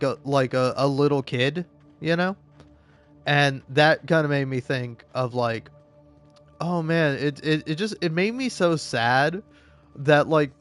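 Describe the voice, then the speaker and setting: A man with a fairly high voice chats loosely while streaming, stumbling through restarts and swearing freely. Now and then he jumps up into high-pitched rants. Soft music sits faintly underneath. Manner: rambling, profane, stumbling restarts. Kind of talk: casual chat while gaming.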